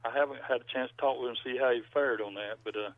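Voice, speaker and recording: A man's voice: medium pitch, fairly even intonation, fast talker, dry recording. Folksy man on a tinny landline. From Georgia, US. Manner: folksy, rambling storyteller. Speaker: musician guest. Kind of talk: casual phone interview. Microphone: landline telephone. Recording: dry, tinny phone line.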